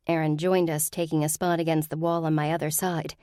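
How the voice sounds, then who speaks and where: A woman narrates a first-person audiobook with a wry, sardonic edge. Her voice sits low. The recording is close and dry. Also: little pitch movement, brisk, mellow, clean tone, no room sound.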